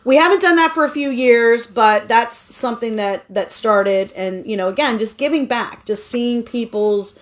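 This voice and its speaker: A chatty woman, talking as a guest in a relaxed interview. Her voice sits a bit high, and she tells her stories in an upbeat, animated way. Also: moderate pace, few pauses. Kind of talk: casual conversation.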